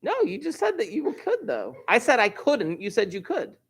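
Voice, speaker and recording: The speaker is a math teacher whose voice sits high, gravelly with a breathy edge, swinging hugely in pitch at a normal speed. During his live online algebra lesson he explains steps and jokes around with the students.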